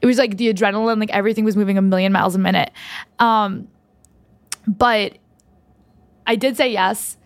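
A woman's voice: medium pitch, steady tone, fairly quick, pauses often. A young woman hosting a podcast, telling a personal story in a rambling, heartfelt way with many restarts. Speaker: podcast host.

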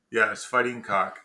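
A man's voice: fairly low pitch, pushed and bright. A man co-hosting a podcast in casual chat, chatty, often stumbling and correcting himself. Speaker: podcast co-host.

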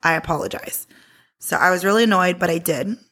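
A woman's voice: fairly low pitch, fast, fairly bright tone. A woman in her thirties hosting a podcast, telling a story from her own life in a casual, candid way and swearing freely. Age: 30s. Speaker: podcast host.

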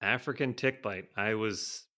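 Guy on a podcast telling a story, acts out quotes, bright low-ish voice. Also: a little slow. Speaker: podcast co-host. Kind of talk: casual podcast chat.

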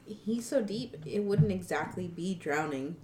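A woman's voice: fairly low pitch, lively intonation, a little slow, mellow, a little hiss or hum. A woman in casual chat, explaining something in a matter-of-fact way. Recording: roomy echo.

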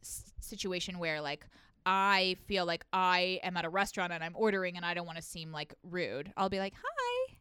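A young woman co-hosting a casual chat, animated and sing-songy, acting out quotes. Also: fairly low pitch, normal speed, clear, resonant tone, no echo. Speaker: podcast co-host.

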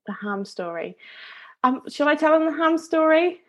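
Her voice is high and animated, moving at a moderate pace, and the sound quality is lo-fi. As one of a podcast's co-hosts, she spins a rambling, chatty story, breaking off mid-thought and laughing frequently.

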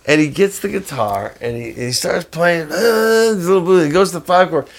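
An older man and guest musician telling animated, profane stories in a rambling way, full of restarts. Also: a little high, fairly quick, creaky. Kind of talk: casual storytelling.

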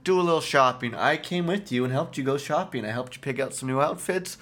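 A man's voice: medium pitch, a little fast, fairly bright tone, a little hiss or hum. A man co-hosting a casual podcast chat, telling a story with goofy jokes. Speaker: podcast co-host.

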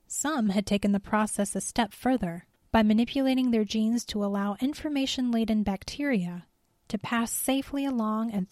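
A woman telling a story in calm, measured scripted narration. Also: mid-range voice, no echo, studio quality.

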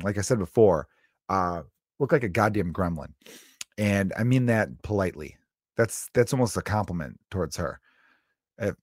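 A man's voice: fairly low pitch, no room sound, studio quality. A man in his thirties hosting a podcast, telling a rambling story in a profane, self-mocking, casual way. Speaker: podcast host. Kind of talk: casual comedic monologue.

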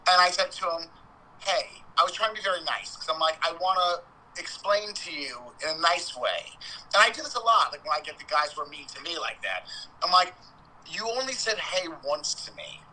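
A man's voice: a little high, animated, fairly quick, bright, forceful tone, poor audio. A man co-hosting a casual podcast chat, blunt, profane and theatrical, swinging between outrage and jokes. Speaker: podcast co-host.

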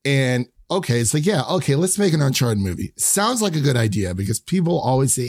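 A man's voice: medium pitch, sing-song, a little fast, few pauses, darkish tone, no echo, clean studio sound. A man co-hosting a casual movie review chat, hesitant and often restarting his sentences. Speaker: podcast co-host.

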